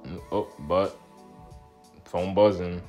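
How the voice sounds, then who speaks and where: A man's voice: deep voice, takes it slowly, darkish tone, soft background music. A man hosting a webtoon reaction video, reading panels aloud and reacting in a slangy, exclaiming way with frequent laughs.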